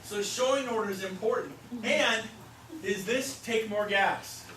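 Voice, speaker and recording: A middle-aged man speaking as a real estate trainer, telling stories in an animated way and acting out the voices he quotes. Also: sits high, a little slow. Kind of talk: storytelling seminar talk. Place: seminar room. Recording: echoey room, mic far off, noisy.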